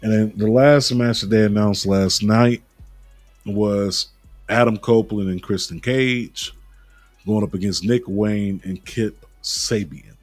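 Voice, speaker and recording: Low-voiced man hosting wrestling talk. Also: fairly even intonation, takes it slowly, dry recording, faint music behind. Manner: joking, laughs at his own flubs. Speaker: podcast host.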